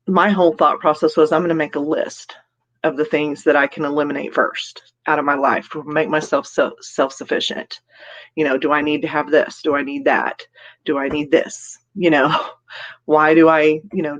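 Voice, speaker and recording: A woman hosting a casual live stream, chatty and rambling, laughing often and greeting viewers by name as she reads their comments. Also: low voice. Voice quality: giggly, laughs often between remarks.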